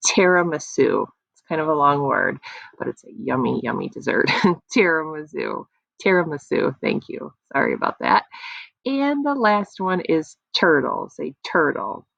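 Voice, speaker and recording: A young woman teaching young children a phonics lesson online, in a slow and encouraging sing-song voice, recorded on a computer mic at home. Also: low-pitched, creaky, no room sound. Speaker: kindergarten teacher. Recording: dry, dull lo-fi computer audio.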